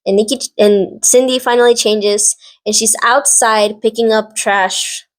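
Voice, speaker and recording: A woman's voice: a little high, steady tone, a little slow. A young adult woman casually recapping a show, rambling with lots of fillers and sassy asides. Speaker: vlogger recapping a drama series.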